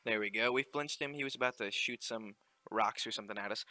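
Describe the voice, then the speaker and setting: A man giving relaxed, chatty commentary while playing through a video game. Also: on the low side, quick pace, no room sound. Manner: relaxed, chatty, explaining as he plays. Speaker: let's play gamer. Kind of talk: casual gameplay commentary.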